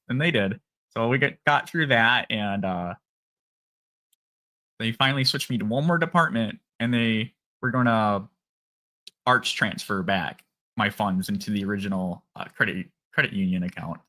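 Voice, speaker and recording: A man with a Minnesota accent, hosting a live stream and casually telling a long story, acting out phone calls in animated voices. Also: on the low side, moderate pace.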